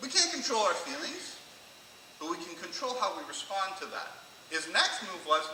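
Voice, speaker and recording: A man preaching a sermon as pastor, telling stories and acting out the people in them with shouts and funny asides. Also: high voice, normal speed, recorded from a distance. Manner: animated storyteller, shouts and acts out quotes. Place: church sanctuary. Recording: echoey church hall, preacher off-mic, faint room noise.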